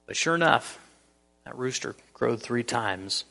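A man's voice: medium pitch, lively intonation, moderate pace, gravelly, pushed and bright, in a large hall. A man preaching a sermon as pastor, earnest and emphatic, telling the story with frequent repeats.

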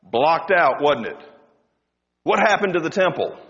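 Man, preaching, animated swings in pitch, long hall echo. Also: measured pace, highs cut off. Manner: animated preaching, rising and dropping for emphasis. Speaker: pastor. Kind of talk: sermon.

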